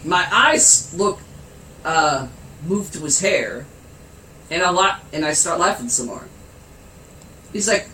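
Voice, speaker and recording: Giggly, high-voiced man telling a story. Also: lively intonation, slow, pauses often, bright, forceful tone. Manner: giggly, laughs through his anecdote; swears freely. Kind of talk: casual storytelling. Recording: roomy, with faint background noise.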